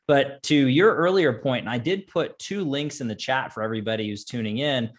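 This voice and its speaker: A man's voice: medium pitch, a little fast. A man hosting a webinar interview, enthusiastic and full of praise, using fillers like "you know". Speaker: webinar host.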